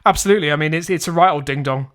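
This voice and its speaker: A man's voice: fairly high pitch, racing, a bit bright. A man co-hosting a comedy podcast, reacting bluntly and swearing freely, often stumbling over his words. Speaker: podcast co-host. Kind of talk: casual comedic chat.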